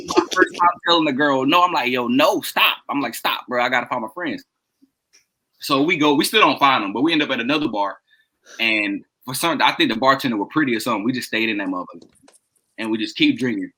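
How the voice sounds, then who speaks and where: Bright-voiced man telling a rowdy story. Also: medium pitch, a little fast, rough recording. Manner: animated, laughs often, acts out quoted dialogue. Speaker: podcast co-host telling a story. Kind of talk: casual storytelling among friends.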